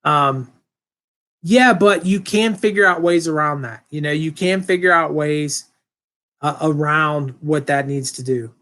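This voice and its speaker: A man's voice: fairly high pitch, a little slow. Rambling man chatting on a live stream. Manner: rambling, relaxed, with many fillers and restarts. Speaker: channel host answering live chat. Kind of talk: casual live-stream chat.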